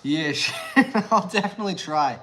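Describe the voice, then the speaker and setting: A man chatting casually on a live stream at home, excitable and rambling, laughing often. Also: a little high, normal speed, a little hiss or hum. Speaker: beer review vlogger.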